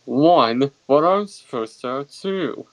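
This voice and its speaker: Slow-spoken male stream guest; hesitant, tentative questions. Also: mid-range voice, lively intonation, low-quality recording. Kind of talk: casual live-stream chat.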